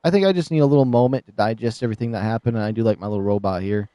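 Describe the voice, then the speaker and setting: A man's voice: lowish voice, racing, warm tone, smooth, no room sound. A man streaming a video game live, chatting casually and rambling, often laughing, on a desk microphone. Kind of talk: casual live gameplay commentary.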